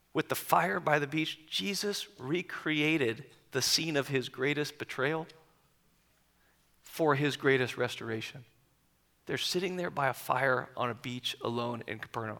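A pastor preaches to his church in a bright, slightly high voice. He tells the story with sudden hushed drops and building emphasis. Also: measured pace, creaky, pauses often. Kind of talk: sermon.

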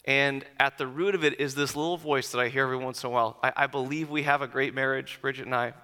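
Man, 40s, brisk bright tone, personal storyteller moving from animated to hushed and reflective. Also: mid-range voice, clean tone. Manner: animated, then quiet and reflective. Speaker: speaker addressing an audience.

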